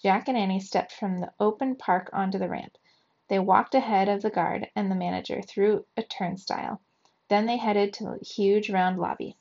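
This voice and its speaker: Gravelly woman reading a children's book. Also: mid-range voice, moderate pace, highs cut off. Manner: lively, expressive reading. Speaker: reader for children.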